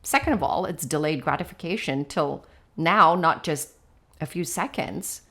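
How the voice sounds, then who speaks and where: A woman with a slightly low voice talks as an educator on a casual podcast. She explains things patiently, one step at a time, and keeps checking in with a quick "right?" When she gets to her examples she turns playful and lively.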